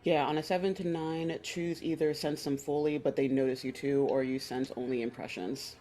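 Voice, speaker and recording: A player in a tabletop game, explaining their moves and rolls in an unhurried way. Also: medium pitch, steady tone, mellow, faint music behind.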